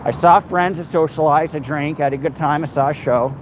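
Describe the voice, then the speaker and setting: A man's voice: a little high, fairly even intonation, fairly quick. A man hosting a casual livestream and reading out comments, with crude, mock-threatening jokes. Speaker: livestream host. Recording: noisy outdoor background.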